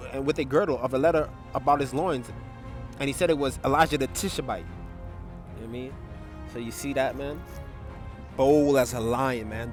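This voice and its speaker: A man giving a casual Bible study, talking loosely with filler tags and restarts and reading scripture passages aloud. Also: medium pitch. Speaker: Bible teacher.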